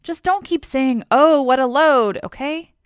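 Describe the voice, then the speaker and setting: A woman's voice: high voice, measured pace, no echo, studio quality, voice pushed up. Woman doing a pompous frumpy god. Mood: indignant. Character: pompous frumpy middle-aged male god.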